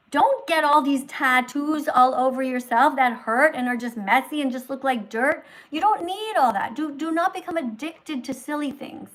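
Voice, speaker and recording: High-voiced woman hosting a livestream in a teacher role; moralizing, scolding lecture. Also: low-quality recording. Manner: scolding, moralizing, swings loud to soft. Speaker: livestream host posing as a teacher.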